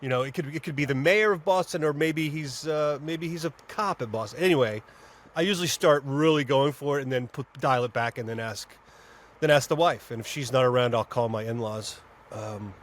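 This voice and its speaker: A man's voice: medium pitch, brisk. A man hosting a podcast, chatting casually in an easygoing, storytelling way. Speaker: podcast host.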